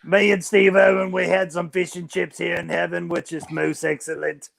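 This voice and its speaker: A man's voice: high-pitched, flat delivery, moderate pace, gravelly, fairly bright tone, heavily acted. A man voicing a goofy comic Jesus figure in a mock-British put-on accent. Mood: silly. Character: goofy returned Jesus, male, jokey accents.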